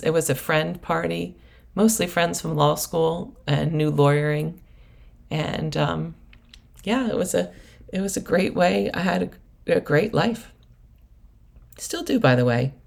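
A woman's voice: low-pitched, creaky. A middle-aged woman coach telling stories in a casual, rambling monologue full of asides. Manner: rambling, digressive storytelling with laughs and asides. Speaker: prosperity coach and host.

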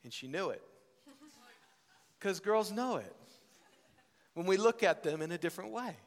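A man, a worship leader, telling a personal story with animated, laughing delivery and acting out family members. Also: high voice, normal speed. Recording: reverberant hall.

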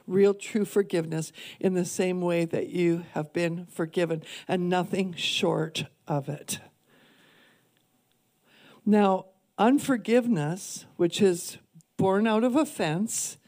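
A woman's voice: medium pitch, mellow. A woman minister preaching a sermon with earnest emphasis, repeating key points for weight. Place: church.

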